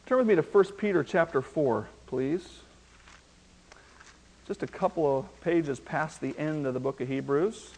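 Male pastor, sermon delivery, high voice, emphatic with loud and soft swings. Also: low-quality recording. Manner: emphatic, slowing down to stress key words; swings between hushed asides and loud rising emphasis. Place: church.

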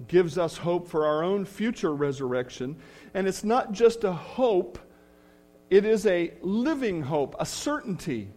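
A man's voice: on the high side, darkish tone. A male pastor preaching a sermon in church, earnest, leaning hard on key phrases.

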